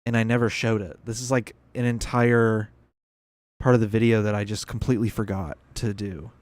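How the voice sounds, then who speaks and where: Low-voiced man rambling through gameplay. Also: normal speed, no echo. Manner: rambling, relaxed, thinking aloud with fillers. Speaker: gameplay video creator. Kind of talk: casual game commentary.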